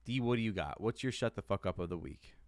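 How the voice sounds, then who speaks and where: This American podcast co-host has a fairly low voice with lively intonation and talks fast, with no room sound on the recording. He's heated as he rants about sports, cursing a lot and saying the same things over and over.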